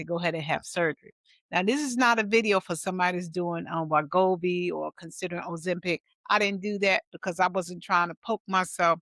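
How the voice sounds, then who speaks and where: A woman in her fifties talks straight to the listener like the pastor she is, lively and storytelling, slipping into voices for the people she quotes. Her voice sits a little low for a woman. The sound is close and dry, with no room around it. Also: no room sound. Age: 50s. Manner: animated storytelling with acted-out quotes. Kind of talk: personal testimony vlog.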